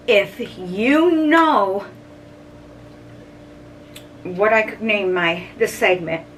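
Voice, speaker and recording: A food vlogger in middle age gives a casual review to camera, humming and chewing as she samples snacks. Her voice is fairly high with a fairly bright tone. A distant mic records it, with faint noise behind her.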